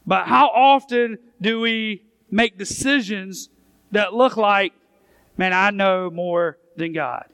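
Pastor, male, very high voice, smooth tone, emphatic sermon delivery, dry close sound. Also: fairly bright tone, no echo. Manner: emphatic preaching, reads scripture aloud, voices the questioning crowd.

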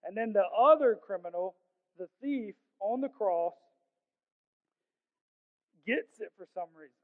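High, smooth-voiced pastor preaching in an echoing hall. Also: male voice, animated, measured pace. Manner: earnest, conversational preaching with casual slang. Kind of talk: sermon. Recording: tinny phone-like sound with long hall reverb.

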